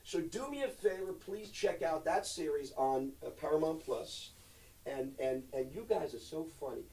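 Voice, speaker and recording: A middle-aged man rambles through a joking chat, his voice sitting a little higher than most men's. He jumps from mumbled asides to loud, profane bursts. He sounds a little distant from the mic. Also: animated, moderate pace. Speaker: actor guest. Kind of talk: joking live-stream chat.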